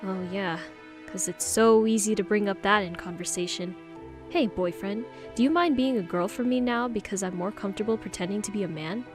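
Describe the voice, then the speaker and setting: A woman's voice: medium pitch, steady tone, normal speed, over music, natural voice. A woman voicing an anguished, tearful young trans man confessing to his boyfriend in an audiobook. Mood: sarcastic. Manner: emotional, pleading and tearful.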